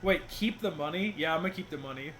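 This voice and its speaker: Young male streamer, fairly high voice, joking commentary, faint noise. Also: fast talker, fairly bright tone. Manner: joking, laughs often. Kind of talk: casual game stream commentary.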